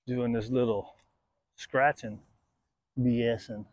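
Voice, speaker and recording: A man training his dog, praising it in high sing-song bursts and then dropping to quiet explanatory asides. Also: flat delivery, takes it slowly, no echo.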